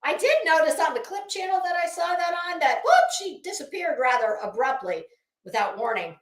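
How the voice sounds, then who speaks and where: A woman's voice: sits high, expressive, fairly quick, reverberant. A woman hosting a casual live commentary stream, chatting with viewers in a gossipy, sarcastic way and laughing often. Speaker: YouTube commentary host.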